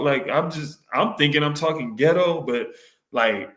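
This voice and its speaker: A man's voice: fairly high pitch, lively intonation, normal speed, fairly bright tone. Man, young, Detroit accent, laid-back, laughs a lot, echoey room. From Detroit, USA. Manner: laid-back, laughs often, acts out quotes. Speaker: podcast host. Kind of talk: casual chat.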